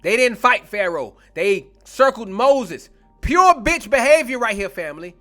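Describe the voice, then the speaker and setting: A man preaching a fiery online sermon, blunt, confrontational and profane, slowing down to stretch key words for emphasis. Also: high voice, sing-song, pushed and bright, faint music behind.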